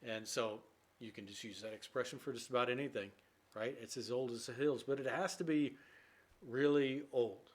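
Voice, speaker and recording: A man explaining English idioms in a relaxed lesson. He talks in a loose, chatty way, with plenty of fillers, and acts out short everyday scenes to make each point. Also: mid-range voice, moderate pace. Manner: chatty, with many fillers and play-acted quotes. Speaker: English teacher.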